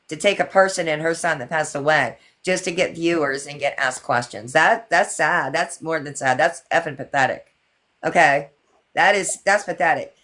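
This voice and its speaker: A woman's voice: low-pitched, fairly bright tone. A middle-aged woman hosting a casual livestream, talking indignantly and repeating her points for emphasis. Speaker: livestream host.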